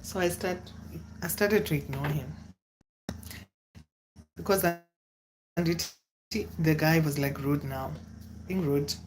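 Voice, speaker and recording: A young woman, telling a personal story to camera in a casual, dramatic way with sudden high exclamations. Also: steady tone, slow pace, long pauses, background noise. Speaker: vlogger.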